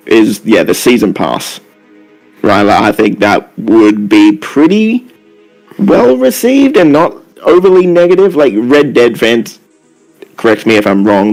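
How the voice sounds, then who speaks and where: A man on an online group call, rambling and thinking out loud as a guest panelist. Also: lowish voice, vocal fry, poor audio. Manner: rambling, leans on "like" while thinking aloud. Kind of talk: casual online group chat. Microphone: online call microphone.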